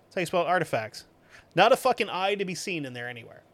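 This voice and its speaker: A man hosting a podcast, reading reviews aloud with sarcastic, profane, deadpan asides. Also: fairly high pitch, fast. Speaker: podcast host.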